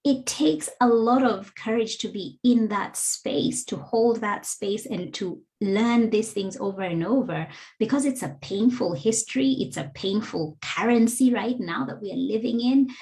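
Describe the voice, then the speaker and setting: Guest: a woman with a mid-range voice, earnest, measured and teacherly. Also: medium pitch, warm tone. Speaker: guest, DEI educator. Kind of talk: explanatory interview answers.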